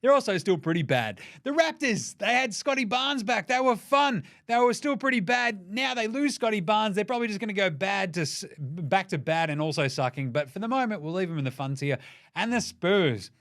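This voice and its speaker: An Australian man giving a comedic basketball ranking rant, mocking and full of quick jokey asides. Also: high voice, expressive, fairly bright tone. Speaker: basketball commentator.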